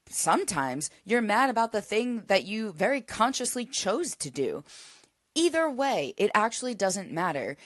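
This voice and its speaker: A woman's voice: deep voice, no room sound, studio quality. A woman hosting a solo podcast, talking in an earnest, reflective way with emphatic repetition. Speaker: podcast host.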